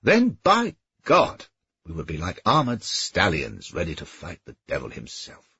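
A man voicing a coarse, boastful veteran knight who bellows and scorns, with a husky voice. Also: low voice, huge pitch swings, unhurried, sharp tone, no room sound, lo-fi sound, exaggerated voice.

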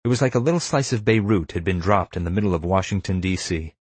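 A man narrating an audiobook in a wry, measured storytelling manner. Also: low voice, expressive, darkish tone, slightly rough, no echo.

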